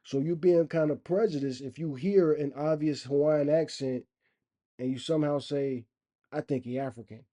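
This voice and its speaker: A man's voice: a little high, dark tone. A man vlogging in a rambling, opinionated casual monologue. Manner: rambling, opinionated, loose and conversational.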